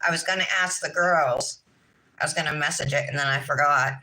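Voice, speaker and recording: A woman's voice: low-pitched, fairly even intonation, brisk, bright, forceful tone, low-quality recording. A woman in her thirties hosting a casual nail livestream, chatting in a sing-song way with her viewers. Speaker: nail vlog host. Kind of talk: casual livestream chat while doing nails.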